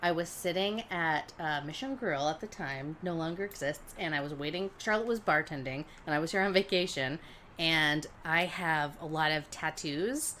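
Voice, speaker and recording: A woman's voice: low voice, normal speed, a little hiss or hum. A woman co-hosting a podcast, chatting casually, swearing and laughing as she tells stories. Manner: laughs often, swears casually, animated storytelling. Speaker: podcast co-host. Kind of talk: casual chat.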